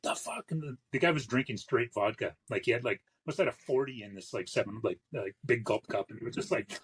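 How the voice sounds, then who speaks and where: Fast-talking husky man telling stories. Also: mid-range voice, rough recording. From western Canada. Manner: rambling, quick anecdotes with acted-out quotes. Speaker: tattooer guest. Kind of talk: casual storytelling.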